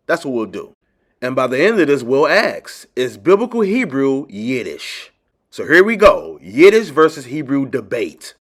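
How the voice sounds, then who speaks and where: A man hosting a lecture-style video lesson, emphatic and insistent, repeating key phrases and speaking straight to his viewers. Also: medium pitch. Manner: addresses viewers directly as ladies and gentlemen. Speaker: teacher and channel host.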